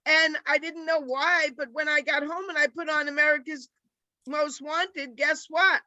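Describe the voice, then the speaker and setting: An older woman with a New York accent, a former teacher doing a deadpan, rambling stand-up set over a video call. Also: high-pitched, unhurried, no room sound, rough recording. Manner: deadpan, rambling joke delivery. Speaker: stand-up comic.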